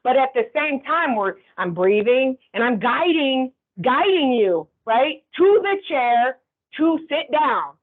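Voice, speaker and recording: A woman's voice: high voice, big pitch swings, takes it slowly. A woman instructor giving a conversational training lecture, often checking in with the class. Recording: tinny phone-like sound.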